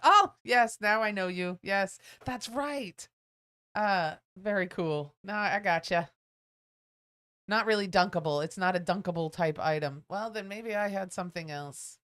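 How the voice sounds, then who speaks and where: A woman's voice: medium pitch, a little slow, fairly bright tone. A woman co-hosting a casual live stream, chatting and reading out viewer comments. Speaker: co-host.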